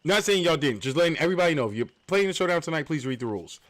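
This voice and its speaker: A man's voice: on the high side, animated, very fast, a bit bright. A man hosting a livestreamed game tournament, explaining the rules with joking asides. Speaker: tournament host and caster.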